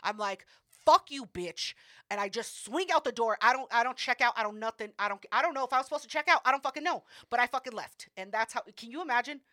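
A woman co-hosting a podcast, telling a story in an animated, profane way and acting out what people said. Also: fairly high pitch, fast, hardly any pauses, no room sound, clean studio sound. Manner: animated, profane, acts out quotes. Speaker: podcast co-host. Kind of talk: casual storytelling.

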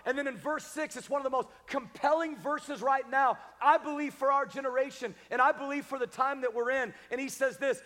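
High-voiced preaching man in a reverberant hall. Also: fairly quick, few pauses. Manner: preaching with rising, shouted emphasis. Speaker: pastor. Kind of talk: sermon. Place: large church sanctuary.

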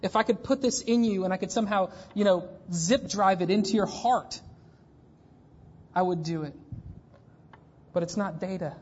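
A woman pastor in her thirties preaching a sermon, emphatic, swinging between hushed and intense passages. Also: fairly low pitch, slight background noise. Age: 30s. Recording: dull lo-fi church recording.

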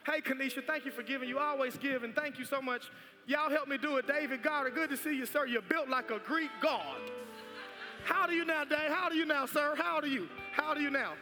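A man leads his congregation in giving and prayer, pressing his appeals again and again. His voice sits very high and carries with long church reverb. Soft music plays beneath him. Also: fast talker. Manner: fervent, repetitive exhortation. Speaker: pastor. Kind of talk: sermon with offering and prayer. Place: large church sanctuary.

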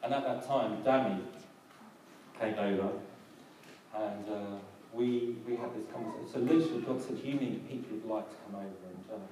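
A pastor preaches a sermon in a halting way, often restarting and filling pauses with um. He sounds far from the mic in a very echoey hall. There is noise behind him. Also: lowish voice, dark tone. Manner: hesitant, many ums and restarts. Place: church hall.

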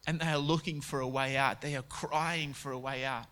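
A man's voice: medium pitch, fairly even intonation, normal speed. Preacher man in conversational sermon. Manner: conversational preaching, quotes God and Joshua, drops to soft tones.

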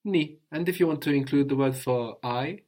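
A man teaching a language lesson, patiently drilling words, repeating a learner's answers slowly and praising them. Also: medium pitch, a little mellow.

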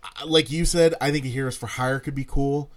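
A man of middle pitch chatting casually on a podcast. He often stalls and repeats words before finishing a thought. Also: fairly even intonation. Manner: halting, repeats words while thinking. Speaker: podcast co-host. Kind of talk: casual chat.

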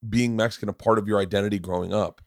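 A man's voice: lowish voice, fairly even intonation, very fast, no room sound, clean studio sound. A man hosting a podcast, telling stories in a loose, rambling way, often restarting sentences and swearing freely. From Florida. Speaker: podcast host; comedian. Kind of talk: casual conversational storytelling.

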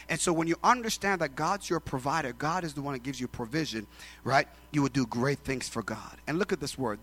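A middle-aged man preaching a sermon as pastor, swinging from hushed tones to loud declarations and acting out the voices in his stories. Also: fairly high pitch.

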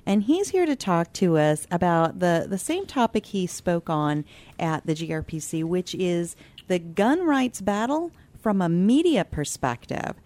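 A woman's voice: fairly low pitch, animated, measured pace, darkish tone. A woman hosting a talk radio show, upbeat and chatty, laughing easily.

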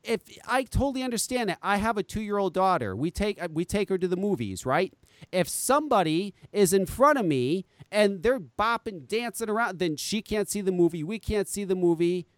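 A man in his forties rants as a talk-radio podcast host, profane and exasperated. His voice sits high for a man and swoops up and down as he argues. The sound is close and dry, with no room around it. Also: expressive, moderate pace, no room sound. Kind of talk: ranting talk-radio commentary.

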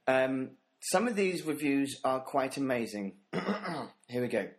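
A man's voice: medium pitch, animated, unhurried. A man co-hosting a casual podcast, chatting and laughing as he reads out reviews. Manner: laughing often, reading out children's reviews. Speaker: podcast co-host.

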